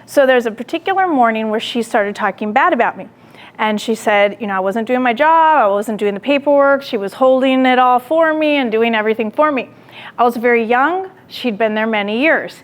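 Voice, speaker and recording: Fairly quick and on the high side, a woman lecturing a class tells a personal story, animatedly performing her own lines. She then turns to the audience with direct questions.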